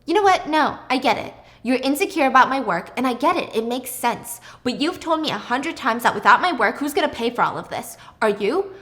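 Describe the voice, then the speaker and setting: A woman's voice: sits high, animated, a little fast, few pauses, sharp tone. A woman voicing a manipulative husband who gaslights his wife in a cold, condescending tone.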